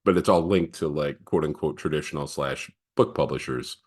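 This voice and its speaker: Low voiced host guy, thinking out loud, lotta mm-hmms. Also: normal speed, slightly rough. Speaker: podcast host. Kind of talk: interview host.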